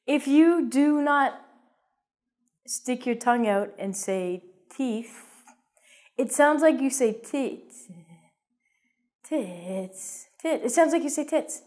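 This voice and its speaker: A woman giving an English lesson to learners, slow and deliberate with a slightly high voice. She keeps it playful, throwing in jokey, theatrical asides between vocabulary points. The pace stays unhurried so every word lands clearly. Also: animated, darkish tone. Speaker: English teacher.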